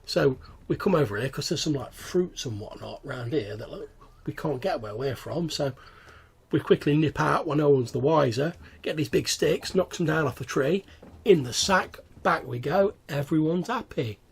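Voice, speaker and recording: A crude male goblin with a high, raised voice and a coarse, slangy, complaining way of talking, as a game master puts him on. The voice sits well above a man's usual range, carries a gravelly edge and sounds husky. It comes from a tabletop game. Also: lively intonation, normal speed, heavily acted. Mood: explaining.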